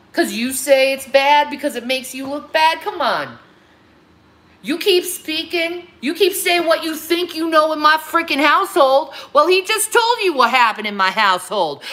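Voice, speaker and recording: Fierce, forceful woman ranting. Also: high voice, sing-song, normal speed. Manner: heated, confrontational, repeats phrases. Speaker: livestream host. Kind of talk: angry livestream rant answering critics.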